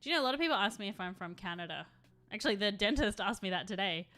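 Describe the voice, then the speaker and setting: A woman's voice: medium pitch, lively intonation, racing, a bit bright. A young adult woman chatting casually on a live stream while she paints, rambling and laughing often.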